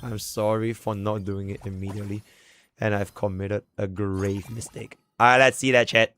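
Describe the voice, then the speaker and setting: A man's voice: lowish voice, flat delivery, normal speed, fairly bright tone, faint music behind. A young man with a Singaporean English accent doing casual, slangy, profane live commentary while playing a game and talking to his chat. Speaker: streamer.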